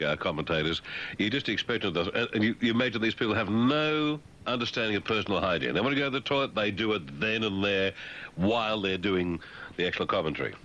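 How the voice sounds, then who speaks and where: Aussie radio guy riffing on the news, low voice, big swoops, sharp bright tone. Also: highs cut off, a little hiss or hum. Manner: mocking, puts on silly voices mid-sentence. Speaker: radio host. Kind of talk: satirical radio commentary.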